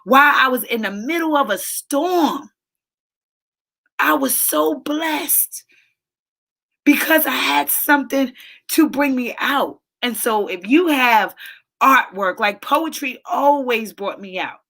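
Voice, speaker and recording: A woman's voice: sits high, animated, takes it slowly, vocal fry, sharp tone. Emotional woman giving an inspirational talk. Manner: preachy, emotional, repeats phrases for emphasis. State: emotional, near tears. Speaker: soul coach hosting a daily live show.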